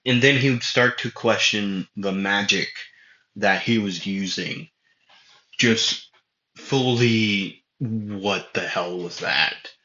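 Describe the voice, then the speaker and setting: A man's voice: on the low side, slow pace, sharp tone. A man casually telling an improvised fan story, rambling with lots of fillers and self-corrections. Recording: muffled lo-fi audio in an echoey room.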